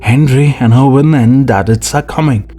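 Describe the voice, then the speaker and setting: A man's voice: mid-range voice, normal speed, mellow, soft background music, voice pushed up, lightly acted. A man putting on a whiny, crafty sick man. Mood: confiding. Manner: whining, snarling, pleading. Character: sick, whining, crafty man, pleading for a drink.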